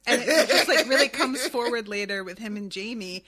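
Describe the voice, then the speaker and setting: A woman co-hosting a podcast in casual, animated chat, laughing often as she recaps. Her voice sits a bit high and sounds bright and forward. She acts out bits of dialogue as she goes. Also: moderate pace. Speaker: podcast co-host.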